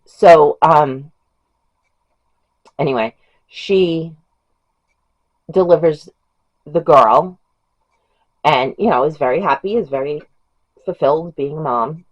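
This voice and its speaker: A woman's voice: low voice, slow pace, pauses often. A woman vlogger chatting about books in a rambling, gushing way. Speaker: book vlogger. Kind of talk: casual chat about books. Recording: dull lo-fi home recording.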